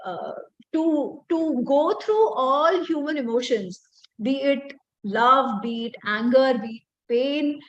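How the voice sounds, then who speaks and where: Expressive woman speaker with a high voice, passionate about her subject. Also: slow pace, muffled recording. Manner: expressive, quotes Sanskrit verses. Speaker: speaker on the Ramayana. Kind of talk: impassioned talk.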